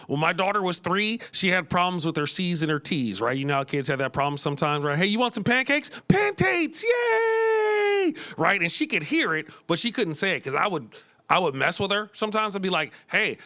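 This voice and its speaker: A middle-aged American man doing a stand-up set in a small club, animated, often jumping into high voices. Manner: animated, jumps into high squeaky voices for kids. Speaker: stand-up comedian. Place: small comedy club stage.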